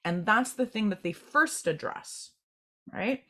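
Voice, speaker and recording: A woman giving a channeled group tarot reading, gentle and meandering, often restarting and repeating words as she speaks. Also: mid-range voice, expressive, measured pace. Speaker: tarot reader.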